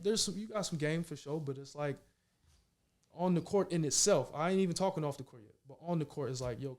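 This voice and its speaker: Animated man telling stories in casual slang. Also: fairly high pitch. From Minnesota, United States. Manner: animated storytelling, slangy, repeats "you know what I mean". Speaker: professional basketball player, guest. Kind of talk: casual conversation.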